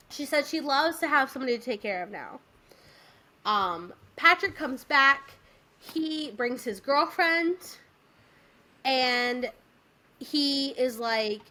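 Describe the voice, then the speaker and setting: A woman co-hosting a podcast, chatting casually and retelling a musical's plot with lively quoted voices. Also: high voice, takes it slowly, long pauses. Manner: animated retelling with quoted voices, frequent fillers. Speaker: podcast co-host. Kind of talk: casual chat recapping a musical.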